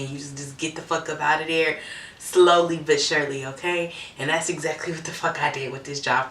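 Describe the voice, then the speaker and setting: A young woman from Metro Atlanta tells a candid, chatty story, often checking in with "right?" and swearing now and then. Her voice sits low but has a bright, forceful edge. She sounds a little away from the mic, in a roomy space. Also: distant mic. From Metro Atlanta, Georgia. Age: young adult. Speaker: vlogger. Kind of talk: casual storytime.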